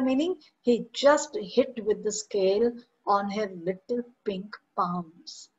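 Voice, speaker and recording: In an online class, a woman teacher with an Indian English accent works through a school chapter line by line, switching between English and Hindi. She is patient and unhurried, with a medium-pitched, somewhat dark voice. The audio is lo-fi.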